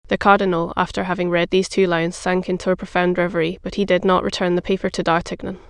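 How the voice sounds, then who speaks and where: An audiobook narrator giving an even, measured scripted reading of a classic novel. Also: mid-range voice, vocal fry, clear, resonant tone, no echo, clean studio sound.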